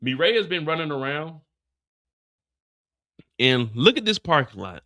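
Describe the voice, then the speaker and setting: A man hosting a live recap show, retelling scenes in an animated, profane, comedic way on a streaming mic. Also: a little high, a little slow, long pauses, no echo, clean studio sound. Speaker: host.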